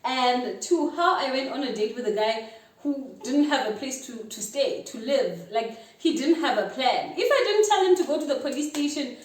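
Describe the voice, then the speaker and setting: A South African woman in her twenties telling a story vlog-style, lively and mixing in isiXhosa phrases while acting out both sides of a conversation. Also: sits high, moderate pace. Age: 20s. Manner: animated, mixes isiXhosa phrases into English, acts out both sides of a chat. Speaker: vlogger. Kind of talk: casual storytime. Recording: echoey room, mic a bit far.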